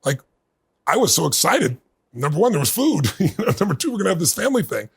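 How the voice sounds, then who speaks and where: A middle-aged man being interviewed, telling a personal story in earnest and building to bursts of excitement. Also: sits high, quick pace. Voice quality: gravelly, husky. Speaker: guest.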